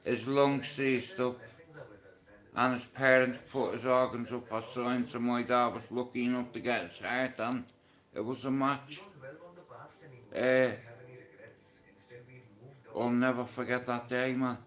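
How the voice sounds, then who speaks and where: A man's voice: medium pitch, little pitch movement, takes it slowly, pauses often, a bit bright. A middle-aged Irish man telling a personal family story to camera in a blunt, heartfelt way, swearing freely. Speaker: vlogger.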